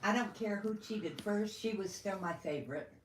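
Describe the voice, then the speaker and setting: A woman's voice: mid-range voice, moderate pace, roomy sound, low-quality recording. A woman, the host's mother, chatting casually from off-camera with short, dry replies. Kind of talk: casual chat.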